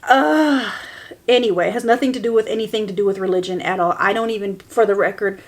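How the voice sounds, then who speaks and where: A woman hosting a podcast and telling a personal story candidly, often laughing through painful memories and speaking straight to her listeners. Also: quick pace. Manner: shifts between soft, hushed lines and bursts of higher, louder emphasis. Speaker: podcast host.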